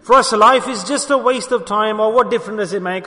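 Pushed and bright, his high voice racing with few pauses, a man earnestly addresses listeners with rhetorical questions in a religious sermon. The sound carries a long hall reverb.

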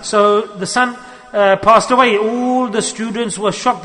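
Male Sufi teacher, high bright voice, earnest sermon, reverberant hall. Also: steady tone, measured pace. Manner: earnest, repeats key phrases.

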